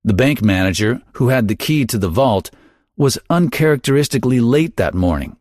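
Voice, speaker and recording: A man's voice: medium pitch, expressive, normal speed, darkish tone, no room sound, clean studio sound. A man hosting a true-crime podcast, narrating a scripted story in a dramatic, wry manner. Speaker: podcast host.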